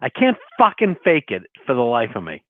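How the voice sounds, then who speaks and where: A man's voice: medium pitch, wildly swooping pitch, fairly quick, no room sound. Boston-accented man on a phone line. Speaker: caller. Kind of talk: phone-in chat.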